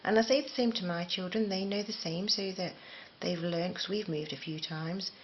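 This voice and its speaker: A woman's voice: fairly low pitch, moderate pace, slight background noise. A middle-aged woman from England, rambling chattily and laughing at herself while teaching crochet. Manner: chatty, rambling, self-deprecating. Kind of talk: casual spoken tutorial. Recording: slightly dull lo-fi recording.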